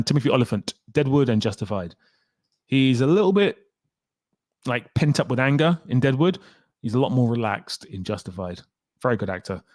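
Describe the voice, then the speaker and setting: A man's voice: medium pitch, a little mellow, dry recording, studio quality. A young man chatting casually on a live stream, reading out and reacting to viewers' comments with wry humor.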